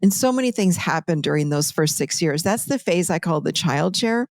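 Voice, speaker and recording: A woman as a podcast guest and author, explaining ideas with lively, animated storytelling in a conversational teaching style. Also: on the low side, normal speed, no echo, clean studio sound.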